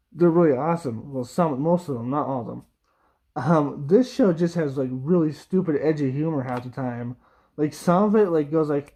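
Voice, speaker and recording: Speaking in a slightly high but dark-toned voice, a young video reviewer rambles casually through a review. Fillers come often, along with small laughs and mock voices when he quotes people.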